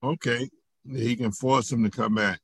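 A man, a pastor, teaching a Bible lesson in a slow, questioning way and often checking in with his listeners. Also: medium pitch, steady tone, fairly bright tone, husky, dry recording.

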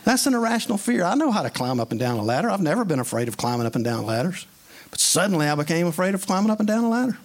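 A man's voice: high voice, very animated, racing. A man preaching a sermon in an earnest, conversational way, mixing scripture with plain everyday stories.

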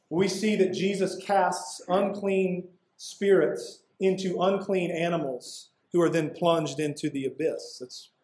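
A man with a high voice preaches in a conversational way, breaking into casual asides and leaning on emphatic pauses. His voice rings through a roomy, echoing church sanctuary. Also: darkish tone. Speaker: pastor. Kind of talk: expository sermon. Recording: echoey room.

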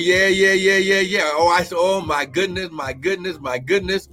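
A man preaching and praying fervently in a live-streamed sermon, often shouting and whooping and breaking into tongues. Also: high-pitched, normal speed, soft background music.

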